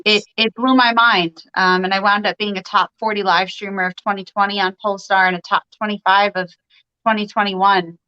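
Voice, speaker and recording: A woman's voice: mid-range voice, level tone, a little fast, bright, forceful tone, highs cut off. A woman guest on a live stream, chatting in a friendly way over a video call. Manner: friendly, chatty, slightly hesitant with fillers. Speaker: guest, country singer. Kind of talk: casual interview.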